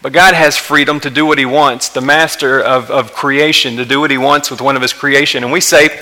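A man preaching a sermon as pastor, impassioned, building to emphatic peaks and then dropping quiet. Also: mid-range voice, steady tone, a little fast, few pauses, low-quality recording.

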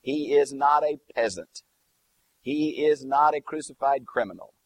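A man's voice: mid-range voice, unhurried, no echo. A man teaching through a Bible passage verse by verse, explaining Greek and Hebrew terms with emphatic lists. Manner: lively, swooping emphasis on key words.

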